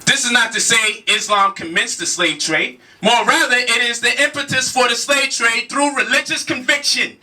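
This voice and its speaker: Very high-pitched, bright, emphatic man. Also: moderate pace, hardly any pauses, far from the mic. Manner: emphatic, repeats rhetorical questions, casual slang. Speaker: speaker challenging a debate opponent. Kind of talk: heated spoken lecture.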